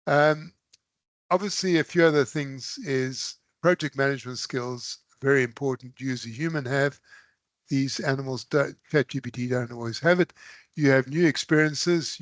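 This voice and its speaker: A man's voice: medium pitch, normal speed, dry recording. A man presenting a live online engineering webinar, chatty and loose, with sudden emphatic bursts.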